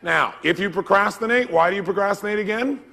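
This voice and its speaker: A man giving an energetic seminar lecture, quizzing a live audience with questions they answer back. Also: high voice, brisk, creaky. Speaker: motivational speaker. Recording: long reverb of a large hall.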